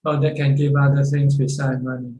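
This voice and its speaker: Monotone monk answering questions, roomy echo. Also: male voice, medium pitch, fairly quick. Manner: plain, repeats words while searching for phrasing. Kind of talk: dharma talk answering questions. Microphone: video call.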